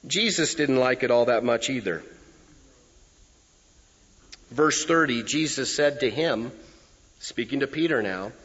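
Preacher, male, husky, lively delivery, dull lo-fi hall recording. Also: mid-range voice, unhurried, pauses often. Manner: expressive preaching with emphatic asides. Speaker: pastor. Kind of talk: sermon. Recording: reverberant hall, dull lo-fi sound.

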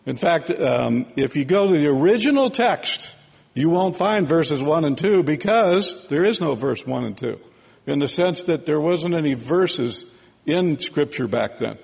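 A man preaches in a loose, chatty teaching style, tossing in "right?" and "okay?" as he goes. His voice is gravelly and a little husky, sitting slightly high for a man. The sound rings with the long reverb of a large hall. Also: lively intonation, measured pace, a little mellow. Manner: conversational, digressive Bible teaching with frequent "right?" and "okay?". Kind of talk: sermon.

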